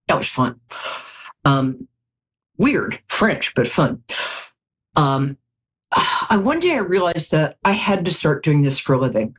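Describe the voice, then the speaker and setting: A woman's voice: low-pitched, slightly rough. A middle-aged woman reading tarot cards on a live call-in show, chatty and jokey, with storytelling asides. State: tired from lack of sleep. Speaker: psychic tarot reader.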